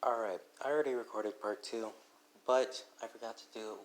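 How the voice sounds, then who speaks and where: A man's voice: on the low side, fairly even intonation, moderate pace, rough recording. A young man casually retelling his own fan fiction at a home microphone, rambling offhandedly and cutting himself off mid-sentence. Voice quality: rambling, offhand, self-interrupting. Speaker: fan storyteller. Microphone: home microphone without headphones. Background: faint background noise.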